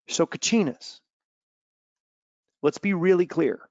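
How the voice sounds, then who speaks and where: A man running a webinar for young athletes, full of energy, who tells stories and bursts into loud acted-out quotes. His voice sits a bit high. The audio is dry and a little dull, as on a video call. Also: big pitch swings, a little slow, long pauses, dry recording. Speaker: mental performance coach.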